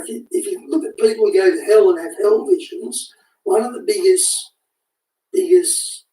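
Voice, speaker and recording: A woman giving an animated, casual spoken commentary, often restarting and repeating words as she talks. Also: a little high. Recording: echoey room, far from the mic.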